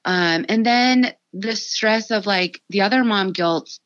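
A woman in her thirties, an anesthesia student and mother, telling stories on a podcast in a lively, animated way. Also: medium pitch, slow pace, no room sound. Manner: animated storytelling, acts out her own quotes. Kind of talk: casual podcast chat. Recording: slightly dull dry podcast audio.

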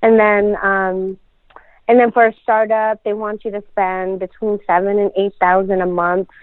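A woman's voice: mid-range voice, flat delivery, moderate pace, clear, resonant tone. A woman co-hosting a casual podcast, chatty and laughing, with many fillers. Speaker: podcast co-host, dental practice owner. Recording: tinny phone-like sound.

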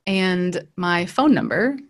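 Animated woman telling stories, lowish voice. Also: takes it slowly. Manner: animated storyteller, acts out quoted voices, laughs often. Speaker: data trainer and consultant. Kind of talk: casual podcast conversation.

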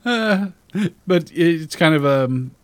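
A man's voice: on the high side, expressive, slow pace, clear, resonant tone, dry recording. A man in a casual podcast chat, rambling and self-deprecating about his own plans and swearing often. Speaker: podcast co-host.

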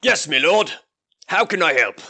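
A man voicing a dutiful armored knight with a gruff voice. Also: a little high, lively intonation, a little slow, pushed and bright, pitched above the performer's own voice, exaggerated voice. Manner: stiff, respectful soldierly reporting.

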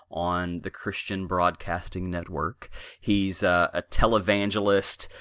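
A man's voice: fairly low pitch, bright, forceful tone, no room sound, studio quality. A man hosting a podcast, introducing topics with wry, playful asides. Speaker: podcast host. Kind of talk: casual chat.

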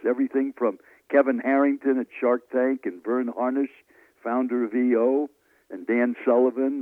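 A man, a speaking coach telling animated stories in an interview. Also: medium pitch, no echo. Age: 70s. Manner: lively, animated storyteller acting out dialogue. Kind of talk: storytelling interview answers. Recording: tinny phone-line audio, dry.

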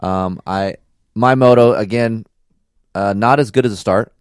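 A man with a fairly low voice chats on a casual podcast and tells a story in a relaxed, slangy way. The sound is dry and close, with no room echo. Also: a little slow, clear, resonant tone. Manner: laid-back storytelling with slang. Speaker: podcast host. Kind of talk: casual chat.

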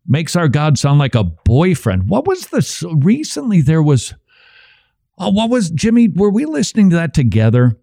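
A middle-aged man with a warm, mellow tone and a lively, swooping delivery, riffing wryly as a radio host. The sound is dry and close, with no room behind him. He talks in a casual, joking way. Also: on the high side, normal speed, vocal fry, no echo. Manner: wry, joking, animated. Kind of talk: casual commentary on church signs and sermons.

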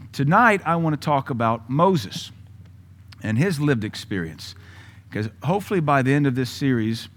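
A man preaching to his congregation in a blunt, combative way. His voice sits at an ordinary middle pitch, and he swings between quiet asides and loud, punchy bursts. Now and then he drops into mocking imitations to make a point. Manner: mocking mimicry of other voices. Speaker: pastor. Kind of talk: sermon.

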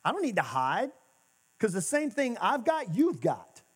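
Man, pastor, sermon, conversational, somewhat high voice, stage mic in a sanctuary. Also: wildly swooping pitch, measured pace, husky. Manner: conversational preaching, swinging from emphatic to hushed. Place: church sanctuary.

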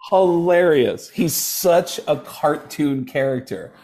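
A man who is a comedian guest, telling animated stories and switching into voices for the people he quotes. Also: fairly low pitch. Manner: lively anecdotes with quick voice switches for quoted people. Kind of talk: animated storytelling chat.

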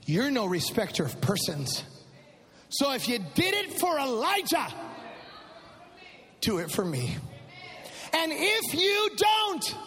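Man, very high voice, impassioned preacher, hushed then shouting, long church reverb. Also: slight background noise. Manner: impassioned, swings from hushed prayer to loud shouting. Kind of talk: sermon testimony.

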